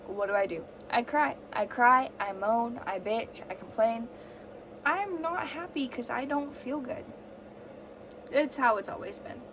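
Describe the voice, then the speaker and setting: A woman's voice: a little high, a little hiss or hum. Sick young woman ranting profanely. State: sick with fever and sore throat. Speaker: vlogger. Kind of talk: casual storytime vlog.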